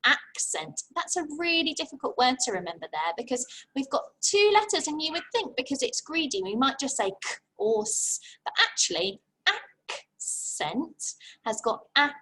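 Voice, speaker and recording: A young English woman teaching a phonics lesson to young children, sounding out letters slowly and praising them warmly. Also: high voice, very animated, rough recording. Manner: slow, exaggerated sounding out of letters; encouraging and praising. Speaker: infant school teacher.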